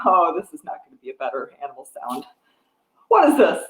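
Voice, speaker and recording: Animated woman reading storytime, roomy echo. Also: fairly high pitch, fast. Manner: gentle, encouraging, coaxing kids to join in. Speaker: children's librarian. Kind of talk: storytime reading for young children. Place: library room.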